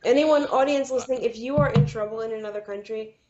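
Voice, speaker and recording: A woman's voice: a little high, quick pace, mellow. A woman co-hosting a podcast, talking animatedly and quoting her own exasperated reactions in a casual film discussion. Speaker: podcast co-host. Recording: dull lo-fi audio.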